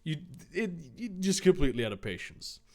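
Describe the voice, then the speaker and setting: A man's voice: on the high side, sing-song, fairly quick. A man hosting a comedic reading of a fan story, making sardonic, rambling asides between passages.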